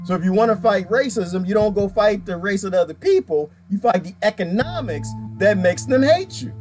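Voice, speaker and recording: A man's voice: high voice, animated, normal speed, darkish tone, soft background music. A man talking casually on a live stream, answering viewer comments by name, rambling and emphatic and often repeating himself. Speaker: vlogger reading viewer comments.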